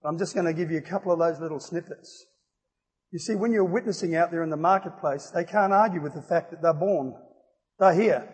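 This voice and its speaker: High-voiced preacher, husky. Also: male voice, brisk. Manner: emphatic, rising to loud exclamations. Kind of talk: evangelistic sermon. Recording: reverberant hall.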